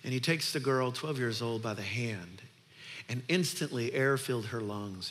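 A man's voice: medium pitch, moderate pace, fairly bright tone, big-room sound. A male pastor preaching a sermon in an earnest, conversational way, building to emphatic points.

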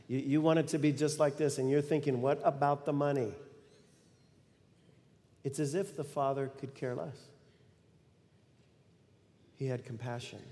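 A middle-aged man preaching a sermon, telling a story in an animated way and acting out the quoted lines with sudden loud bursts. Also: mid-range voice, unhurried, long pauses. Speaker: pastor. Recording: long reverb of a large hall.

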